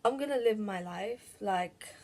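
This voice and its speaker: Slow-talking young woman vlogger. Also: medium pitch, a little mellow, a little hiss or hum. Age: young adult. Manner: slow, halting, full of "like" and restarts. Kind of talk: casual storytelling to camera.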